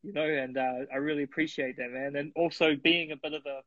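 A man's voice: a little high, steady tone, a little fast, a bit bright, no room sound. A male host wrapping up a casual chat, friendly and thankful, calling his guest bro and man. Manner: friendly, grateful, says bro and man a lot. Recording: dull, dry lo-fi recording.

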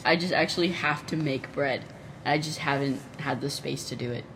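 A young woman co-hosting a podcast in casual chat, playful and giggly, often trailing off into soft mumbles. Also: very deep voice, moderate pace, slight background noise. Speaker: podcast co-host.

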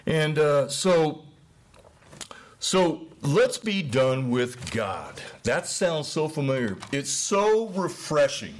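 Animated man preaching a casual sermon. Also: fairly high pitch, slow, slight background noise. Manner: casual, conversational, acts out voices of biblical figures. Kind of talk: informal sermon.

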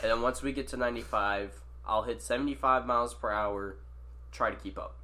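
A man telling a story in casual chat with friends, animated, swearing and acting out quotes. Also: medium pitch, fairly quick.

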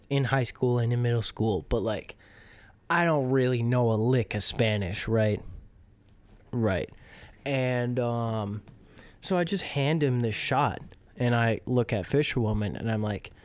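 A young man co-hosting a podcast, telling a story in casual chat, animated and profane, laughing as he goes. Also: mid-range voice, no room sound. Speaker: podcast co-host.

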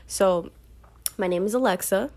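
A woman's voice: medium pitch, unhurried, darkish tone. A nineteen-year-old woman from Brooklyn, hosting her own podcast in an unscripted monologue full of ums and restarts. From Brooklyn, New York. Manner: rambling, unscripted, many ums and self-corrections. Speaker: podcast host. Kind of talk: casual solo podcast monologue.

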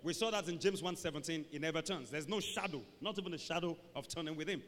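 A man preaching a sermon to a church, animated and dramatic, acting out little scenes and shouting for emphasis. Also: a little high, quick pace. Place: large church hall. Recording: long hall reverb.

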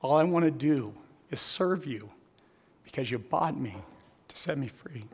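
A man voicing a young freed slave girl in a sermon story, quietly and plainly. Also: mid-range voice, animated, measured pace, slightly rough. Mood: grateful. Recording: echoey hall.

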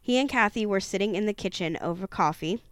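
A woman reads a haunted-house book aloud at an even storytelling pace. Her voice is smooth and clean, sitting in the middle of the range. The sound is dry, with no room around it, and she sometimes stumbles on a word and goes back over it. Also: mid-range voice, brisk, dry recording. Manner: steady storytelling with occasional stumbles and self-corrections. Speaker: reader of a true-haunting book. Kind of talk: reading a horror book aloud.

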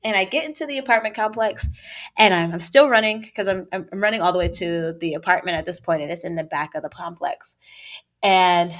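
A young woman telling a story in a casual, chatty way, with quick asides and laughs between lines. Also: medium pitch, fairly bright tone.

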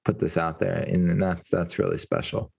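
A man's voice: low voice, little pitch movement, normal speed, creaky, a little mellow, breathy edge. A man hosting an interview, reflective and affirming, talking in long rambling turns. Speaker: podcast host. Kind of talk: podcast interview.

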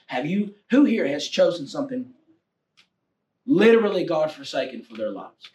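A man preaching a sermon to a congregation, swinging between loud exhortation and low, confiding tones. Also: big pitch swings, moderate pace. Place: church room with a congregation. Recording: echoey room, heard from a distance.

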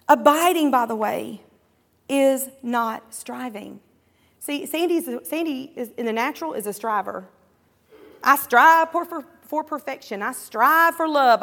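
A high-pitched woman preaches, her voice sitting well above the usual. She drives her points with call-and-response cries and slips into the voices of imagined believers and coworkers. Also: a bit bright, big-room sound. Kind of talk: sermon.

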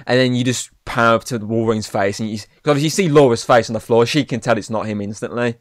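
A man's voice: medium pitch, quick pace, dry recording, studio quality. A young man, chatting casually through a film recap, rambling and swearing, with "obviously" in nearly every sentence. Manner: rambling, says "obviously" constantly, swears freely. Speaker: podcast co-host. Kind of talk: casual film review chat.

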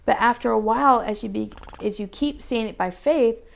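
A woman reading a Christian devotional book aloud in an earnest, measured way. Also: fairly high pitch, creaky.

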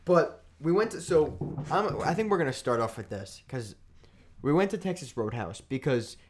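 A man's voice: on the high side, very animated, moderate pace, noisy background. A man co-hosting a podcast in casual chat, telling a rambling, joking story. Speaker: podcast co-host.

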